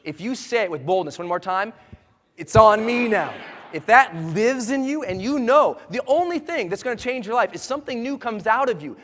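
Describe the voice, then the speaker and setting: Rousing male motivational speaker in a hall. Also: high-pitched. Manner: builds from hushed storytelling to loud rallying calls. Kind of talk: live motivational speech. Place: large hall with an audience. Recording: long hall reverb.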